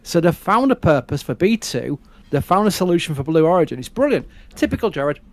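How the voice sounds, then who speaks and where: A man with a northern English accent, co-hosting a live launch stream in a chatty, rambling way, quick to laugh. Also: a little high, big pitch swings, dry recording. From northern England. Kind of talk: casual live-stream commentary.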